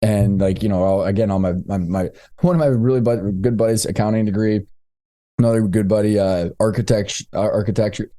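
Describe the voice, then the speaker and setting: Man in his thirties, low voice, warm dark tone, casual candid storytelling, slangy, restarts often. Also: steady tone, brisk. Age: 30s. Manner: candid and loose, with slangy asides and frequent restarts. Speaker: podcast guest, entrepreneur.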